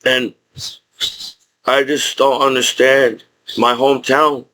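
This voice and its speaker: A man's voice: medium pitch, level tone, slow pace, bright, forceful tone, slight background noise, poor audio. A man with a speech impediment, a disabled combat veteran, ranting to camera in an angry, profane, rambling way with many restarts. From United States. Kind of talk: unscripted rant to camera.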